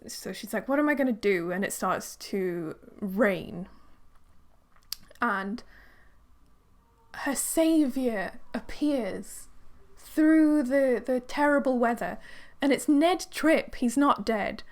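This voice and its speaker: A woman's voice: fairly high pitch, expressive, drawn-out words, long pauses. A young woman reviewing a book in a chatty, sarcastic way, with lots of fillers. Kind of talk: casual book review vlog.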